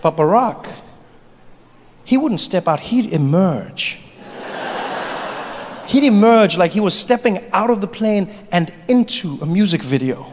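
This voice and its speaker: A man's voice: high voice, normal speed, slight background noise. A man performing stand-up, telling stories animatedly and slipping into voices. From South Africa. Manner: animated storytelling, does voices. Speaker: stand-up comedian. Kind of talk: stand-up comedy set. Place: stage in a large hall. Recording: reverberant hall, faint ambience.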